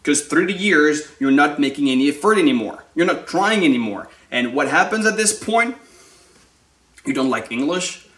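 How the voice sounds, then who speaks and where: A young man from France with a French accent, talking to camera in an animated, urging way full of rhetorical questions. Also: a little high, moderate pace, reverberant. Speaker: vlogger. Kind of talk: motivational talk to camera.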